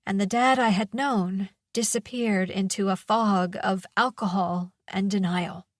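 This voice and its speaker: Slow, measured woman narrating a thriller. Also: medium pitch, steady tone, no room sound, clean studio sound. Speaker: audiobook narrator. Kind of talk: first-person thriller audiobook narration.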